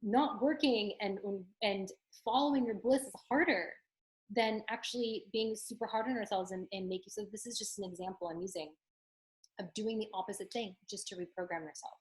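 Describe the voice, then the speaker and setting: A woman's voice: mid-range voice, a little fast, poor audio. A woman spiritual coach talking through her techniques in a casual teaching monologue, chatty and earnest, full of "like" and "um". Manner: chatty, with frequent "like" and "um" fillers; earnest and encouraging.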